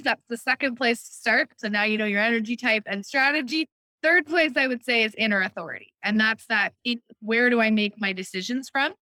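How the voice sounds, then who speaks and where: A woman with a bright, forceful, slightly high voice explains spiritual concepts in an upbeat, conversational podcast style. The sound is dry and close, with no room around her, and she keeps checking in with the listener as she goes. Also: dry recording. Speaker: human design reader, co-host. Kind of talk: casual podcast chat, explaining.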